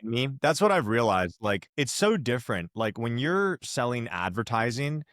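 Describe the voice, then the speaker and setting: A man's voice: medium pitch, sing-song, moderate pace, fairly bright tone, no room sound, studio quality. A man talking as a podcast guest, laid-back and confident, with slangy storytelling. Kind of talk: casual podcast conversation.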